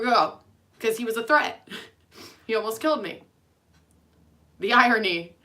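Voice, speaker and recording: A woman's voice: medium pitch, pushed and bright. A young adult woman, a nurse, speaking candidly and emotionally in a rambling personal vlog, with frequent fillers. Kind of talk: personal vlog to friends and family.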